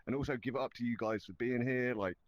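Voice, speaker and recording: A man's voice: mid-range voice, steady tone, fast, dull audio. A man hosting an open mic, enthusiastic and stumbling over restarts as he introduces acts. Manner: enthusiastic, stammering restarts, swears casually.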